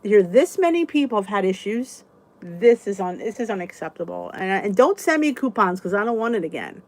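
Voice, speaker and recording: A woman's voice: medium pitch, very animated, brisk. A woman hosting a casual live-stream support chat, chatting in a rambling way and reading viewers' comments aloud.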